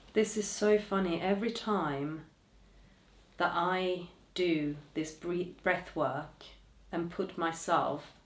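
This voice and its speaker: A woman hosting a podcast, speaking to listeners in a gentle, encouraging way with soft trailing endings. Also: fairly low pitch, reverberant, slight background noise. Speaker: podcast host. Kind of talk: reflective podcast monologue.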